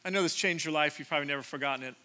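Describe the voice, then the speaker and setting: A man's voice: a little high, racing, bright, forceful tone. A man around sixty preaching a conversational sermon from a church stage, joking and self-deprecating, often restarting his sentences. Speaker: pastor.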